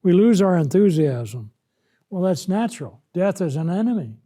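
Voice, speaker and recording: A man's voice: high voice, big pitch swings, moderate pace, dark tone. A man preaching a Bible lesson, acting out the scripture in the first person as he explains it. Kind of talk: sermon-style Bible lesson.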